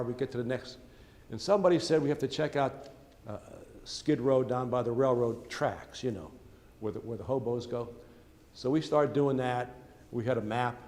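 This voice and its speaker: A man's voice: mid-range voice, a little mellow. An older man, a priest, telling a long personal story during a sermon in a folksy, chatty way, with asides to the congregation. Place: church. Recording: church hall reverb with faint ambience.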